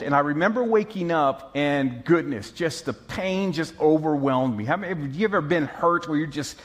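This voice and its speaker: A man preaching a sermon as pastor, telling stories with lively swings between loud and soft. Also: sits high. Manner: animated storyteller, mimics moaning, swings loud and soft.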